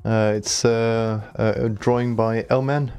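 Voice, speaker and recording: A man co-hosting an online radio show, chatting casually in a halting way full of fillers, with dry humor. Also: medium pitch, level tone, darkish tone, clear, resonant tone, soft background music.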